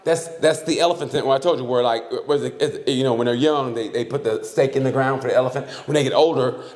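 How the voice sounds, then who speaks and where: Fast-talking man with rambling restarts. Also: medium pitch, a little mellow. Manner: rambling, repeats "listen" and restarts, laughs while telling a story. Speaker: podcast co-host. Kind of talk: casual podcast banter. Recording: roomy echo.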